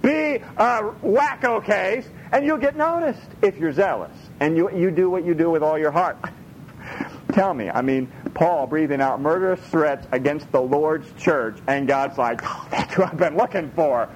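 A man preaching a sermon in an animated way, acting out voices from the Bible and laughing often. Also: on the high side, measured pace, slight background noise, rough recording. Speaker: pastor.

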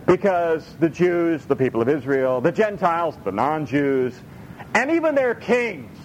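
A man preaching a sermon in an animated way, acting out voices from the Bible and laughing often. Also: fairly high pitch, unhurried, dull audio, slight background noise. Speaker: pastor.

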